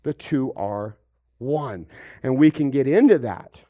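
A man's voice: slow pace, highs cut off. A man preaching a sermon as pastor, asking his listeners questions and acting out the lines he quotes. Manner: animated, acts out quoted voices with big pitch jumps; asks the congregation questions.

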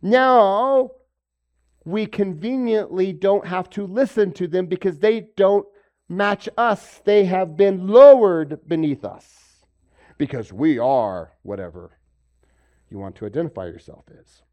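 A man's voice: sits high, expressive, takes it slowly, a little mellow, muffled recording. A man preaching a sermon, asking rhetorical questions and acting out the voices of the people he quotes. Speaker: pastor.

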